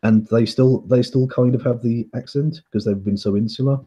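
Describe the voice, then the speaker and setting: A man from England in a casual chat, cracking quick sardonic jokes. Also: mid-range voice, warm tone, husky, muffled recording. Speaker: chat guest.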